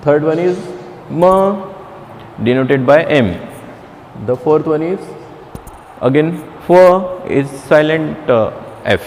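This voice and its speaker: Slow-speaking male teacher in an echoey room. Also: a little high, a little mellow, slight background noise. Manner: slow, halting, repeats and restarts, fillers. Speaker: Chinese language teacher. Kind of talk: classroom lecture.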